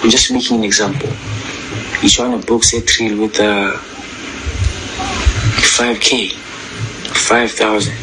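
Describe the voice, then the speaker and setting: A man's voice: fairly low pitch, level tone, slow, long pauses. A man in the music business explaining a point casually, using street slang. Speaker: music artist. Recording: clear background noise.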